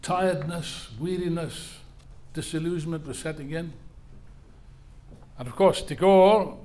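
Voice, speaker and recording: At a political rally, an older man gives an impassioned, emphatic speech, hammering key phrases home through repetition. His voice is on the high side and dark in tone, and he speaks unhurriedly.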